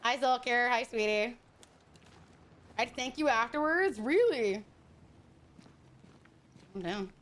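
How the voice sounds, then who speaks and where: A woman's voice: a little high, lively intonation, takes it slowly, long pauses, a bit bright. A woman streaming a game, chatting casually with her viewers in crude, teasing banter and laughing often. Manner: frequent laughter.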